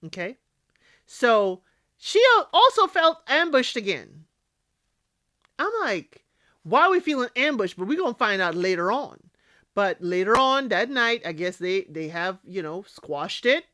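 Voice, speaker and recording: A woman's voice: medium pitch, lively intonation, a little slow, a bit bright, dry recording, studio quality. A woman hosting a casual recap of a reality TV show. She talks emphatically, scolds the people on the show directly and often tags her points with "okay?". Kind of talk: casual spoken recap and commentary.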